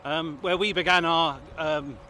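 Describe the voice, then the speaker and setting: Slight background noise accompanies a man's somewhat high, sharp voice, steady in tone and measured in pace. He's a cycling vlogger riding outdoors on roads and a greenway with tunnels, chatting casually into an action camera as he thinks aloud with fillers.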